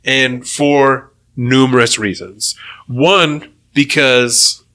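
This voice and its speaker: A man's voice: mid-range voice, drawn-out words. A man co-hosting a podcast, ranting in casual chat, swearing often and laughing as he talks. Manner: profane, animated ranting with laughs. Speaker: podcast co-host.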